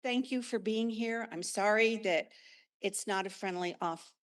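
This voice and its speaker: A woman's voice: medium pitch, a little slow, smooth. An older woman, a longtime resident, giving a frustrated but polite comment at a town meeting.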